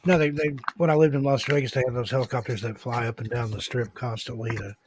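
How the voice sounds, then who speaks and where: A man's voice: mid-range voice, fairly even intonation, fast, background noise. A man co-hosting a live oracle card reading, joking and mischievous in tone. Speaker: co-host card reader.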